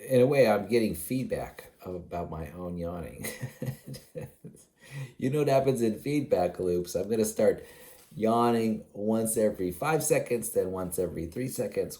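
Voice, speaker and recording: A man's voice: fairly low pitch, expressive, normal speed, mellow. A man rambling in a solo vlog monologue, musing aloud with many fillers and restarts, chuckling now and then, sleepy and yawning. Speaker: vlogger.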